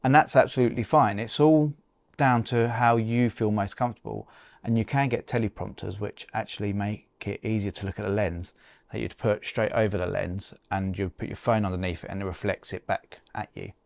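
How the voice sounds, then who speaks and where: A man with a fairly low voice co-hosts a podcast and hands out practical tips in easy, conversational chat. He often restarts his words as he talks. The sound is dry and close, with little room in it. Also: steady tone, brisk, vocal fry, no room sound. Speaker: podcast co-host. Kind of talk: casual advice chat.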